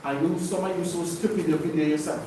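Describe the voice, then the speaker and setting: A man's voice: on the high side, fairly even intonation, fast talker, warm tone, a little hiss or hum. Preaching man, echoey room, far off. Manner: preaching with call-and-response questions. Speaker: teacher of a congregation. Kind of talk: sermon-style Bible study. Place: congregation hall.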